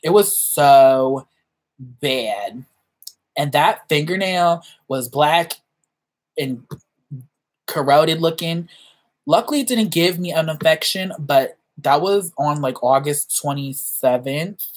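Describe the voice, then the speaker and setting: A young woman vlogger telling stories in a casual, animated way, acting out quoted voices with big jumps in pitch and laughing often. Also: takes it slowly, pauses often. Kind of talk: casual storytelling chat.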